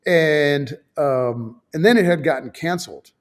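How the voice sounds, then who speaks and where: A man's voice: a little high, measured pace. Man in his fifties telling a war story, salty and offhand. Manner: swears freely, self-deprecating, many fillers and restarts. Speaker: guest, former fighter pilot. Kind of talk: casual storytelling.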